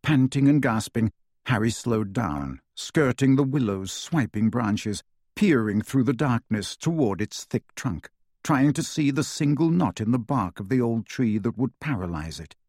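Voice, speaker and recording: Expressive male audiobook narrator, husky voice, dry close recording; lively storytelling delivery. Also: mid-range voice, a little slow, no room sound. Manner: dramatic, varied pacing.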